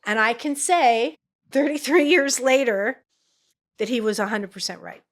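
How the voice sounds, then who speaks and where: A middle-aged woman from Los Angeles, an acting teacher and coach, telling stories in a podcast interview and acting out quotes in a high, excited voice. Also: unhurried.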